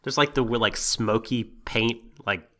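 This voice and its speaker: A man co-hosting an anime review podcast, explaining things in a measured way with frequent hesitations. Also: medium pitch, sharp tone. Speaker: podcast co-host. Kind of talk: casual anime review chat.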